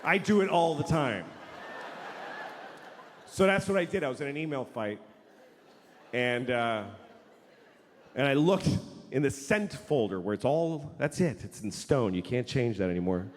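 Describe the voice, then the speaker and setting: Blunt profane stand-up comic in a hall. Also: male voice, medium pitch, animated, measured pace, pauses often, slight background noise. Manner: swinging into mocking voices for the people he quotes. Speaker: stand-up comedian. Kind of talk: stand-up comedy routine. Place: large hall with an audience.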